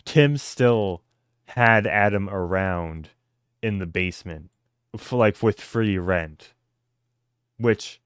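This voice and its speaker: A young man hosting a podcast in casual chat, halting and stammering with many restarts. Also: fairly low pitch, clean tone, no echo, studio quality. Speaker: podcast host.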